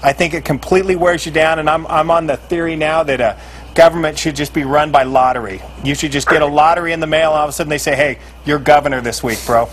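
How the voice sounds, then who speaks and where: A man's voice: fairly high pitch, steady tone, quick pace, a little hiss or hum, poor audio. A man guesting on a call-in show, talking bluntly and candidly and laughing easily. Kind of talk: casual call-in chat.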